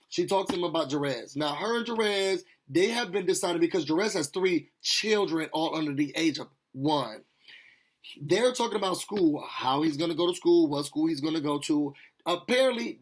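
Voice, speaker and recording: A man with a high, husky voice recaps a reality show in a loose, chatty way. He talks straight to his viewers, animated and sassy, full of asides and playful jabs. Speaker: TV recap host. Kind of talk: casual recap commentary.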